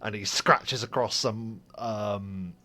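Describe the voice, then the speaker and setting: A man playing a tabletop game who narrates his character's actions in a slow, rambling way. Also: fairly low pitch, fairly even intonation, sharp tone. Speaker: player.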